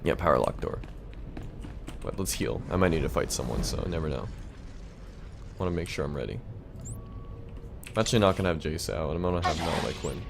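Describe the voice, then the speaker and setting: Gaming commentator: a man with a low voice, chatty and jokey, with music faint behind him. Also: lively intonation, fairly quick, creaky, long pauses. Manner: chatty, joking, rambling. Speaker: gaming YouTuber. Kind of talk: casual gameplay commentary.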